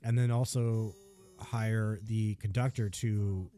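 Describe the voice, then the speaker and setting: A man's voice: lowish voice, steady tone, takes it slowly, mellow. A man co-hosting a podcast in casual chat, laid-back, laughing often and swearing freely, with faint guitar music behind. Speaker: podcast co-host.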